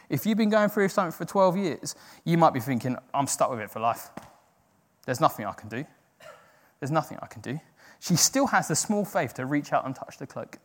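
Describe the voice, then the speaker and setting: A man's voice: on the high side, fairly bright tone. Chatty male preacher in a reverberant hall. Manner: chatty, joking, earnest. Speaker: church speaker. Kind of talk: informal sermon. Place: church hall.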